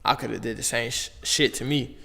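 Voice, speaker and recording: A man's voice: mid-range voice, fairly even intonation, fairly quick, gravelly, sharp tone. A young man from Las Vegas, a podcast guest retelling his story in a casual, slangy way, full of "like" and "bro". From Las Vegas, United States. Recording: long reverb on the voice.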